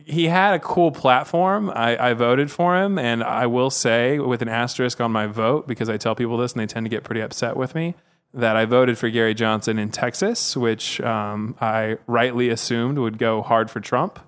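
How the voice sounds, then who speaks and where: A man's voice: mid-range voice, moderate pace, smooth. A man on a podcast, casually telling a long story with plenty of fillers and asides, now and then mimicking voices. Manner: rambling, with frequent fillers and "if you will"; mimics other people's voices when quoting. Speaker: podcast co-host.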